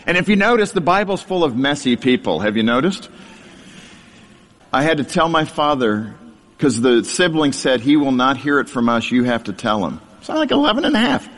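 A man's voice: medium pitch, very animated, moderate pace, fairly bright tone, in a large hall. A middle-aged man telling his childhood story to an audience in a humorous, self-deprecating way, laughing as he goes. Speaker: speaker sharing his life story.

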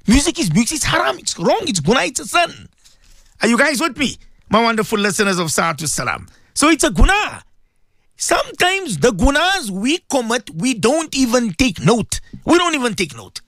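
High, animated male radio preacher. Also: no room sound, studio quality. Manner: emphatic, repetitive, quizzing listeners. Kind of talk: radio religious talk.

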